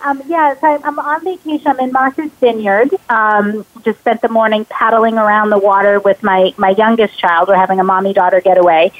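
A woman's voice: mid-range voice, fairly even intonation, a little fast, few pauses, narrow, tinny audio. A woman calling in as a guest on a radio panel while on vacation, bubbly and giggling often. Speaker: guest expert.

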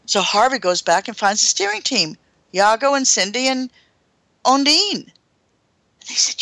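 A woman host tells a first-hand story with drama and gasps, her pitch swinging widely. Her voice is bright with a gravelly edge. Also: big pitch swings, unhurried, long pauses, no echo.

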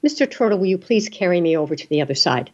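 A woman's voice: on the low side, sing-song, quick pace, dull audio. A woman doing a coaxing fable snake.

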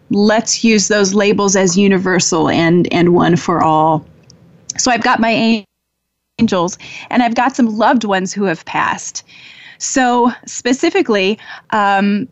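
A woman hosts a spiritual call-in talk show, speaking to listeners with gentle affection and easy pauses. Her voice sits in a middle range. The recording is dry and a little muffled. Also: mid-range voice, no echo. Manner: warm, affectionate, laughs often, pauses with fillers. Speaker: host, angel communicator.

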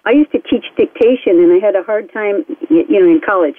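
A woman hosting a talk show, speaking fast and eagerly. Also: mid-range voice, dry recording. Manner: fast-talking and enthusiastic. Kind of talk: casual talk-radio chat. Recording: tinny phone line, dry.

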